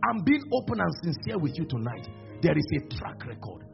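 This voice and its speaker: A man's voice: on the high side, brisk, gravelly. A man preaching a sermon at a church service, acting out dialogues as he goes. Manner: animated, acts out dialogues. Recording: dull lo-fi recording with music behind.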